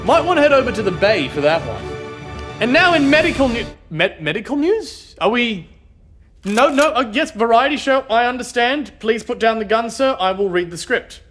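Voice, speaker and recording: A man's voice: extremely high pitch, big pitch swings, moderate pace, a bit bright, soft background music. A man co-hosting a comedy show, reading mock news in a mock-serious, playful way.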